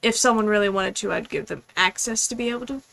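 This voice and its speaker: Bright-voiced young woman streamer rambling. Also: mid-range voice, gravelly, rough recording. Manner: rambling, apologetic, talks fast. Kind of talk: casual gaming stream chat.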